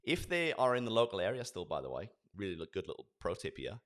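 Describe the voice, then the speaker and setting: A man in his forties, a sales trainer, giving an energetic lesson and acting out sales dialogues. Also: deep voice, fast. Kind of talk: instructional talk with acted role-play.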